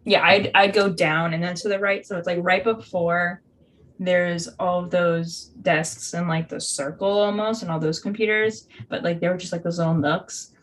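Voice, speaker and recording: A young woman in loose podcast chat, her voice sitting a little low for a woman. She rambles happily, giggles often and leans on "like" as she thinks aloud. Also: steady tone, moderate pace, a bit bright, rough recording. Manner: chatty, giggly, heavy use of "like". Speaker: podcast co-host. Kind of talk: casual chat.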